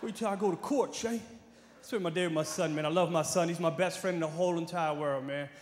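A man from New York with a New York accent doing a brash, profane stand-up comedy set, swinging from muttering to shouting. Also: fairly high pitch, quick pace. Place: large comedy venue with a live audience. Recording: echoey hall with crowd noise.

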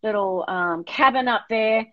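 A woman's voice: fairly high pitch, a little slow. An Australian interior designer woman chatting bluntly and theatrically on a live stream, calling everyone darling and swearing mildly. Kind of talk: casual live-stream chat. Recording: dull lo-fi stream audio.

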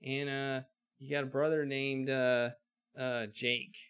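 A man voicing a busy, gruff old blacksmith from the frontier days of a video game, with an old-timey western drawl and homespun sayings. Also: medium pitch, flat delivery, takes it slowly, fairly bright tone. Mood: amazed, secretive.

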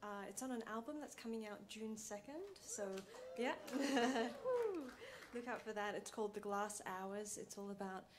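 Soft-spoken woman introducing songs on stage. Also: medium pitch, steady tone, brisk, hardly any pauses. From Malaysia. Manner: soft-spoken, with frequent ums and light laughs. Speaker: bandleader. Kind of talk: stage banter between songs. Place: live concert venue. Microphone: stage microphone.

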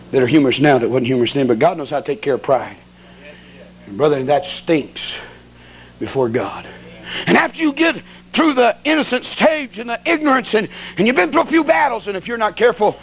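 A man preaching a sermon as an evangelist, telling a funny story in a folksy, colloquial and excitable way. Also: high-pitched, a little hiss or hum.

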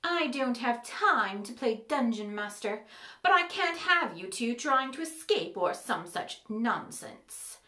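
A woman's voice: fairly high pitch, sing-song, takes it slowly, pushed and bright, echoey room, full character voice. A woman voicing a smug scheming witch.

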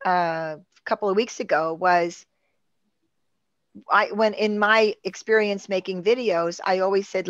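A woman's voice: mid-range voice, fairly even intonation, unhurried, no room sound. Chatty woman on a dull, dry line. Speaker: executive producer. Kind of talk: guest on a video-call talk show.

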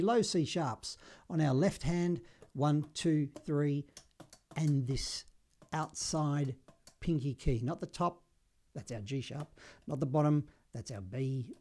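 A man's voice: on the high side, a little mellow. A man with an Australian accent teaching an online saxophone lesson in a jokey, self-deprecating way. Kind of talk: upbeat online music lesson.

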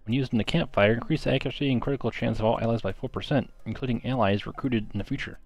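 A man's voice: medium pitch, very fast, highs cut off, faint music behind. A man giving casual let's-play commentary, muttering his menu choices half to himself. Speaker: gaming commentator.

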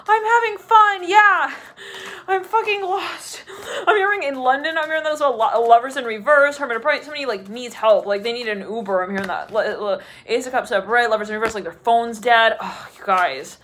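Chatty woman tarot reader, slightly high. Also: quick pace, hardly any pauses, fairly bright tone, a little hiss or hum. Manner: chatty and rambling, laughs often, acts out quoted voices. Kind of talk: channeled tarot reading.

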